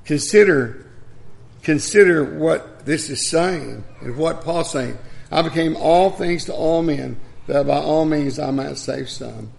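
An older man delivers a homey sermon, moving between scripture reading and folksy stories. His voice sits a bit high for a man and has a gravelly edge. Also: slow pace, a little mellow. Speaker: preacher.

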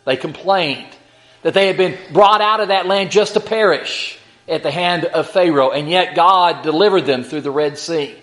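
Man, high voice, sermon, slow deliberate scripture reading, rhetorical questions. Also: fairly bright tone. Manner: measured teaching with repeated words and rhetorical questions. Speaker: preacher teaching a Bible lesson.

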